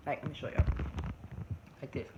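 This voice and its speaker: A woman, chatting animatedly to camera and often restarting her sentences. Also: muffled recording. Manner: animated, talks fast with many restarts. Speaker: vlogger. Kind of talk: casual chat to camera. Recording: noisy home recording.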